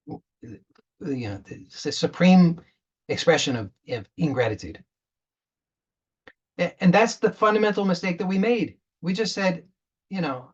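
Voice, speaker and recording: A man's voice: a little high, expressive, normal speed, pauses often, breathy edge, muffled recording. A man giving a spiritual talk as a coach, earnest, often repeating words and restarting as he retells a parable.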